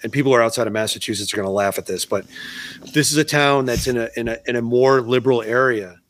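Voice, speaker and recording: A man's voice: medium pitch, fairly even intonation, fast, a bit bright. A man, co-hosting a casual fishing podcast, who rambles, restarts his sentences and swears freely. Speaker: podcast co-host.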